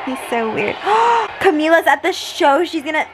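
Gasping, high-voiced woman reacting to a show. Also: big pitch swings, unhurried, very noisy. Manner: gasping, exclaiming, talking back at the screen. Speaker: reaction vlogger. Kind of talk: emotional reaction commentary.

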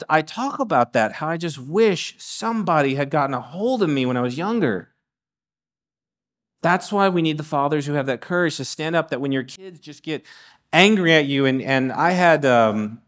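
A middle-aged man giving a sermon as guest preacher, animated, with frequent restarts and acted-out asides. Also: on the high side. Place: church sanctuary.

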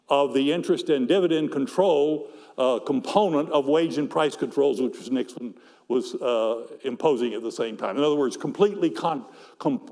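In a large hall, an older economist explains his conference slides at a measured pace, frequently repeating words as he goes. He speaks in a medium-pitched, gravelly voice with a darkish tone.

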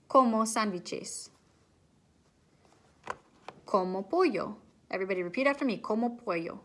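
A woman teaching children, speaking patiently and pausing so they can repeat each word after her. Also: medium pitch, a bit bright, a little hiss or hum. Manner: slow, patient, drills words and waits for repeats. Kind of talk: recorded classroom lesson, call and repeat.

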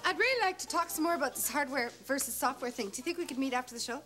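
A gushing young fan. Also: female voice, high voice, expressive. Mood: eager. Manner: gushing, rapid.

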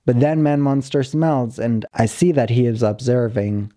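A man calmly reading a short story aloud, narrating in the plain, halting voice of a dog. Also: medium pitch. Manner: calm, measured reading of a dog's broken-English narration. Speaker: story reader.

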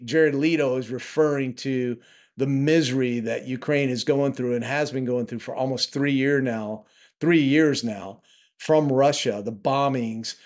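A man talking casually to camera from his home office as a travel vlogger, sarcastic and indignant. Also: medium pitch.

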